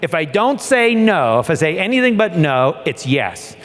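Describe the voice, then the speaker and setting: A man giving a keynote talk as a former submarine captain, animated and acting out the voices in his story. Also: normal speed. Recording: long hall reverb with faint rumble.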